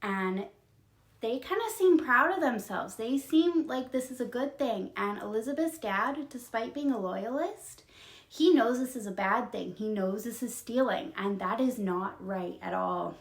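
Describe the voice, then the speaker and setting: A young woman creator recapping children's books in a casual, expressive storytelling style, emotional and quick to laugh. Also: fairly high pitch, reverberant. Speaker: video creator retelling books.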